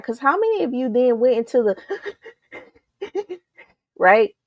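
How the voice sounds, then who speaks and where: A woman coaching a group in a lively motivational talk, full of rhetorical questions and repeated calls to "you guys.". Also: on the high side, unhurried, dry recording, lo-fi sound. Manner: energetic, repetitive, rhetorical questions, keeps saying "you guys".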